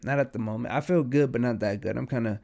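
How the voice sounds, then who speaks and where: A young man with a gravelly, creaky voice at an ordinary pitch, hosting his podcast alone. He is high and sleepy and rambles from thought to thought in loose, profane slang. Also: quick pace, darkish tone. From United States. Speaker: podcast host. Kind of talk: casual stoned monologue.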